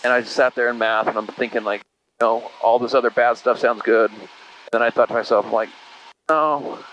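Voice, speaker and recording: A middle-aged man tells personal stories in a loose, rambling way, dropping "dude" and "you know" between thoughts. His voice sits at an average pitch. A faint hum runs under the recording. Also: level tone, fairly quick, a bit bright, rough recording. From Utah. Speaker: podcast guest. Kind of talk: casual conversational storytelling.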